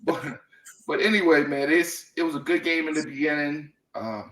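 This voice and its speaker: A man's voice: on the high side, moderate pace, a bit bright, echoey room, poor audio. A man co-hosting a casual sports talk show, blunt and profane, leaning on "man" and "you know what I mean.". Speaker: sports podcast co-host.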